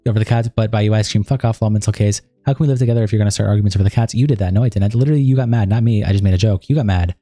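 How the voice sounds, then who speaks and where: A man hosting a livestream, quickly reading text messages and written statements aloud. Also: on the low side, dark tone, no echo. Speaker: livestream host.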